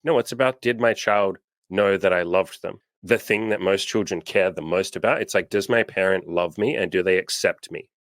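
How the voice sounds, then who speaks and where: A man speaks in a notably low voice, talking frankly and with emphasis as he coaches. The sound is dry and close, with no room around it. He swears freely in casual interview chat. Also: moderate pace, few pauses, no room sound. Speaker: coach and host.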